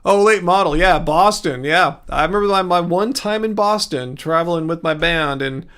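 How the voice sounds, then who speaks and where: A man's voice: high-pitched, moderate pace, fairly bright tone, clear, resonant tone. A man from California hosting a livestream, chatting casually with viewers in a rambling way and laughing often. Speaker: livestream host. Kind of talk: casual livestream chat reading comments.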